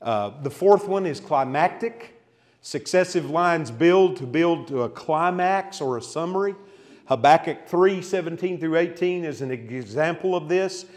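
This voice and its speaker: A man's voice: fairly high pitch, animated, measured pace, a little mellow. Man teaching a Bible lesson in a reverberant hall. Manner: reads scripture aloud with rising emphasis, asks the class questions. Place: church hall.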